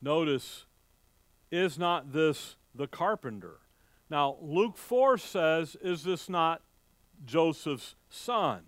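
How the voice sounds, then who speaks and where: A man giving a verse-by-verse sermon, his voice a touch high and his delivery slow and deliberate. He reads old scripture lines carefully, then lifts his voice to play the doubting townsfolk, often stopping to restart a thought. The sound is close and dry, with no room echo. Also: lively intonation, fairly bright tone. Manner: conversational, acts out the townspeople's voices with rising pitch; halting restarts, reads King James verses slowly. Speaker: pastor. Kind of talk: sermon, verse-by-verse Bible teaching.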